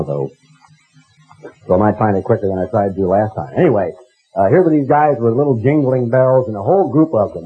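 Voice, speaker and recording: Older American preacher, husky and wry, tinny lo-fi tape. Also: male voice, mid-range voice. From United States. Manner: folksy storytelling, mocking impressions. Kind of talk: sermon with anecdotes. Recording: tinny phone-like recording.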